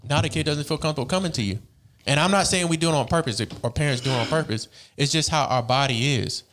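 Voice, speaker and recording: A man's voice: a little high, fast, a bit bright, slight background noise. A young man in casual chat, explaining at length and insisting on finishing his point.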